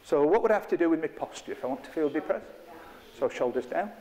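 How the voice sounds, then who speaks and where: Guy running a workshop, bit high voiced, jokey and self-deprecating, talking to a room of people. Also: lively intonation, fast, warm tone, big-room sound. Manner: chatty, self-mocking, playful. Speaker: workshop trainer. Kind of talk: interactive workshop teaching. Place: training room with a live group.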